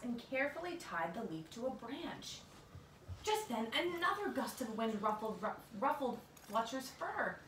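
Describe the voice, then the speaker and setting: Expressive woman reading a picture book aloud. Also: on the high side. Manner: expressive, with asides to a child. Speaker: storybook reader. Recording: echoey room, far from mic, audible noise.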